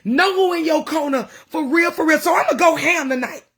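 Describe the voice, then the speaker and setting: A woman's voice: high voice, moderate pace, a bit bright. A woman minister talking casually to her followers, passionate and preachy, emotional at times. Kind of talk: casual livestream talk.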